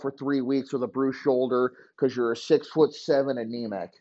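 A man's voice: mid-range voice, steady tone, moderate pace, few pauses, warm tone, dull audio. A man hosting a podcast, ranting in a crude, mocking, rambling way. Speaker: podcast host. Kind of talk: crude comedic rant.

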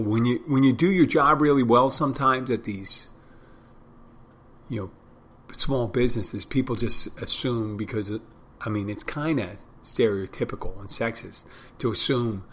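A man with a fairly low voice talks through a loose, casual monologue for his podcast. He rambles jokily and drops into little acted-out greetings from his bartending job. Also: fairly bright tone, slight background noise. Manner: rambling, jokey, acts out greetings.

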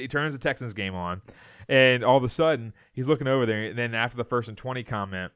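A man co-hosting a podcast, telling a story in casual chat and acting out loud quotes, with many fillers. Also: medium pitch, fast talker, clean tone, no echo, studio quality. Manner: animated storyteller, acts out shouted quotes. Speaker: podcast co-host.

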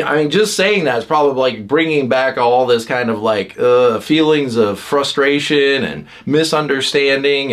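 A man hosting a podcast, talking casually about personality types, with many fillers and quick acted-out lines from other people. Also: medium pitch, a bit bright. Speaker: podcast host. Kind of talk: casual teaching talk.

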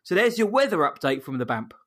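A man's voice: on the high side, very animated, quick pace, a bit bright. An English man co-hosting a film podcast, friendly and chatty with polite British turns of phrase. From England. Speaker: podcast co-host. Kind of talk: casual chat.

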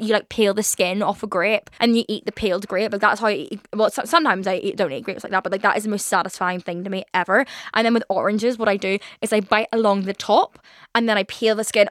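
A woman's voice: mid-range voice, no echo, studio quality. A twenty-year-old woman hosting a casual solo podcast, chatting freely with lots of fillers and swearing. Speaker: podcast host. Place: London.

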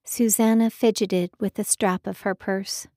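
A woman narrating a romance novel in a calm, measured audiobook reading. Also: medium pitch, dry recording, studio quality. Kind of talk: scripted narration.

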